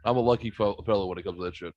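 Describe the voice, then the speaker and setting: A man's voice: on the low side, rapid-fire, a little mellow, highs cut off. A man in his forties trading joking, profane banter in a casual chat.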